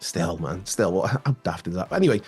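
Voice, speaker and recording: A man with a slightly raspy voice hosting wrestling news in a casual, chatty way, full of fillers and restarts. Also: sits low, very animated, brisk, darkish tone, faint music behind.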